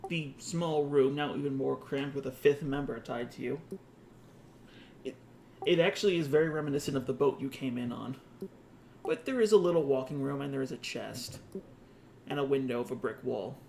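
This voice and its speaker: A man's voice: medium pitch, moderate pace, creaky, a little mellow, a little hiss or hum. A man narrating a tabletop game as game master, casual and laughing with asides to the players.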